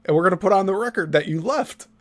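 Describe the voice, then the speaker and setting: A man's voice: sits high, animated, fast. A man hosting a commentary show, reacting to a clip with mocking mimicry. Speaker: commentary host.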